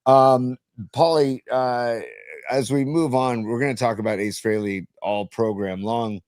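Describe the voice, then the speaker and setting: A man co-hosting a casual sports and music chat show, reading out viewer messages and talking in halting bursts with many restarts. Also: mid-range voice, steady tone, darkish tone, dry recording. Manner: halting, lots of ums and restarts. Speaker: podcast co-host.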